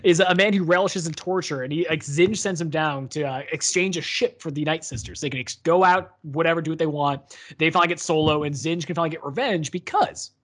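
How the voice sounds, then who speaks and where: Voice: medium pitch, brisk, fairly bright tone. A podcast co-host in casual chat about a book, rambling with many fillers and restarts.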